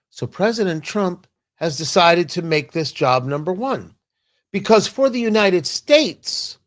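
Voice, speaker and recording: A man hosting a political talk show, giving opinionated commentary and acting out quotes with sudden loud outbursts. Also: a little high. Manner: animated, acts out quotes with sudden loud shouts.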